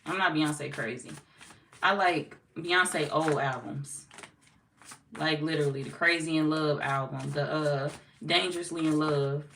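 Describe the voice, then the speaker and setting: A woman with a St. Louis accent chats with her livestream viewers, blunt, profane and quick to laugh. Her voice sits somewhat low for a woman. She sounds far from the mic in an echoey room, with a faint hiss of noise behind her. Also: steady tone, creaky, a bit bright. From St. Louis, US Midwest. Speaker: tarot reader greeting live chat. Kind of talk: casual livestream chat.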